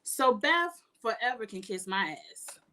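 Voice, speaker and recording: Blunt woman with a bright, forceful voice. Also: fairly high pitch, big pitch swings, measured pace. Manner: blunt, outspoken, emphatic. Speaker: reality TV reviewer. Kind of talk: casual commentary.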